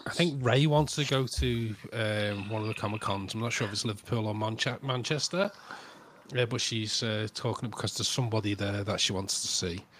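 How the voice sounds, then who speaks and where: A man's voice: on the low side, normal speed, fairly bright tone, a little hiss or hum. A man co-hosting a podcast, chatting casually in a blunt, sweary way and laughing easily. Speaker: podcast co-host. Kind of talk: casual chat.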